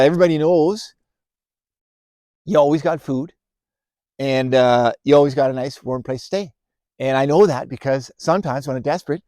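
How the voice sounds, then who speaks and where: A man's voice: mid-range voice, a little mellow, no echo, clean studio sound, lightly acted. A man voicing a friendly male grizzly bear who rambles chattily and ends lines with "eh?".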